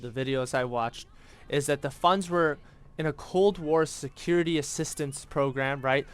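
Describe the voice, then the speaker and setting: A man's voice: mid-range voice, clean tone. A man from the United States rambling through casual, profane history commentary over gameplay, with lots of fillers. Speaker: gaming YouTuber.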